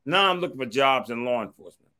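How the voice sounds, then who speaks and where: Animated middle-aged man telling a story. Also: medium pitch, quick pace. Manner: animated, acts out others' quoted words, repeats a stock phrase to move on. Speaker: storyteller recounting his past. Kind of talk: personal storytelling.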